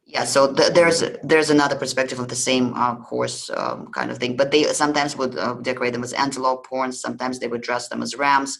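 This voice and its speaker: A man's voice: mid-range voice, fairly even intonation, fairly quick, gravelly, few pauses, fairly bright tone, rough recording. A man hosting a history podcast, talking loosely about ancient beliefs with many ums and restarts. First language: Russian. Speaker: podcast host. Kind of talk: casual history lecture.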